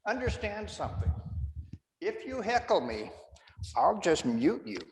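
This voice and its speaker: A man's voice: high voice, sing-song, unhurried, gravelly, long reverb tail, a little hiss or hum. A man with a Canadian accent doing chatty, self-mocking stand-up comedy as host of an online show over a video call.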